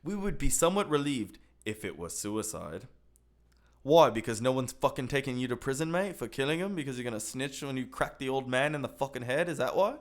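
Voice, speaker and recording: A man's voice: medium pitch, brisk. A man hosting a podcast, ranting with lots of swearing and reading social media posts aloud in a mocking tone. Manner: profane, animated ranting. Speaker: podcast host. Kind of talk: casual commentary.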